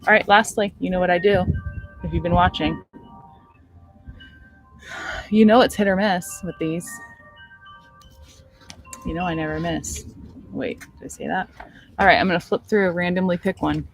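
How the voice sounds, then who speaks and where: A middle-aged American woman with a fairly low voice chats casually to the camera the way a teacher talks to her students. She is animated and laughs easily while telling stories, with soft music faintly underneath. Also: moderate pace, long pauses. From suburban United States. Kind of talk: casual vlog chat.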